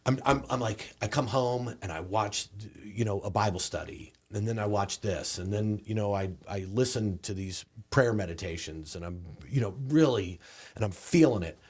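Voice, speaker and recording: Lowish-voiced Southern man telling stories. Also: husky. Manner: animated, halting restarts. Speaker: comedian and guest. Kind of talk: casual storytelling.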